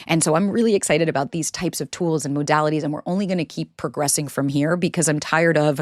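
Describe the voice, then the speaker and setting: A woman's voice: sits low, fast talker, hardly any pauses, darkish tone, dry recording. Woman podcast host in her thirties, blunt and emphatic, cusses freely, dry close sound. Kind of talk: candid solo podcast monologue.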